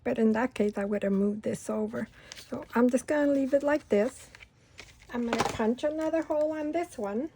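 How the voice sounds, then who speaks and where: A middle-aged woman hosting a crafting video, chatting unhurriedly and rambling through a story while she works, sometimes going soft and near-whispery. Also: a little high, normal speed, slight background noise. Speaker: craft channel host. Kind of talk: casual crafting tutorial chat.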